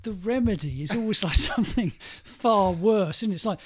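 A man hosting a casual chat, laughing along and adding quick jokey asides. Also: high voice, lively intonation.

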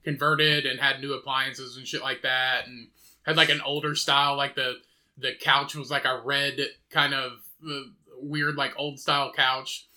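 Bright-voiced man telling rambling stories. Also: mid-range voice, flat delivery, measured pace. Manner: rambling, profane storytelling with laughs. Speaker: podcast co-host. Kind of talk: casual chat.

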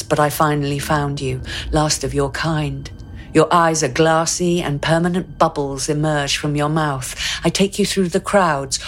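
A woman actor delivering a scripted first-person dramatic monologue in an intimate, brooding way. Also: low-pitched.

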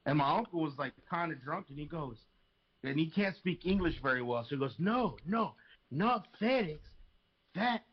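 A man's voice: on the high side, fairly quick, muffled recording. A young man from a Mexican family telling funny family stories on a podcast, swearing and laughing. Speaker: podcast co-host. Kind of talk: casual chat, storytelling.

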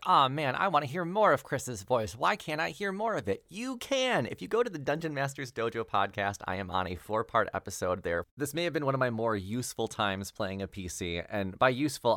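Lively podcast host reading announcements. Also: male voice, mid-range voice, a little fast, hardly any pauses, dry recording. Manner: lively, chatty, laughs at himself. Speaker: game master and podcast host. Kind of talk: podcast announcements and game narration.

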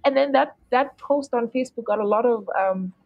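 A woman's voice: a little high, brisk, no room sound, lo-fi sound. A woman singer and songwriter from South Africa's Eastern Cape, chatting frankly in an interview and laughing often at her own blunt humor. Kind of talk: casual interview chat.

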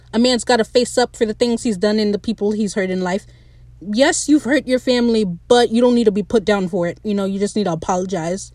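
A young woman hosting a casual, opinionated TV recap, blunt and animated and quick to laugh. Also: mid-range voice, no room sound. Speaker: podcast host recapping a TV episode.

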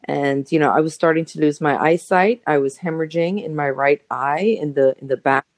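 A woman in her forties, a guest on a podcast interview in Los Angeles, tells an emotional personal story chattily, full of fillers and sometimes acting out quoted voices. Her low voice moves a little fast, with no echo.

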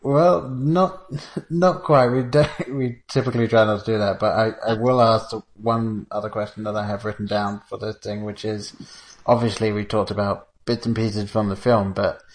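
A man's voice: on the low side, fairly even intonation, moderate pace, a little hiss or hum. A man hosting a casual film podcast, retelling comedy sketches with quoted lines and chuckles. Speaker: podcast host.

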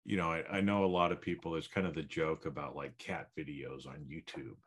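A man's voice: rumbling low, fairly even intonation, brisk, fairly bright tone. A man co-hosting a podcast, musing in a reflective, rambling way with many fillers. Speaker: podcast co-host. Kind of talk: casual chat.

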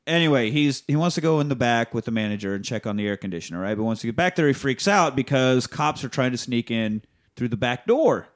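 A man on a relaxed podcast retells a movie scene by scene, swearing freely and keeping it lively. His voice sits in an ordinary middle range. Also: mid-range voice, fast. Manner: profane, animated storytelling. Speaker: podcast host. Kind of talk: casual chat.

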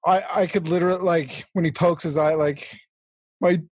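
Raspy, upbeat man recounting film scenes. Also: on the high side, fairly even intonation, moderate pace, dry recording. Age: adult. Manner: enthusiastic, breaks into laughter while recounting scenes. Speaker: podcast co-host. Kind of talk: casual chat about a film.

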